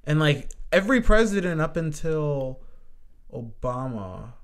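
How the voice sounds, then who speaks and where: Animated young-sounding veteran man, casual talk. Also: fairly high pitch, unhurried. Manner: animated, heavy use of "like", swears freely. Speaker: guest, Air Force veteran. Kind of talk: casual podcast conversation.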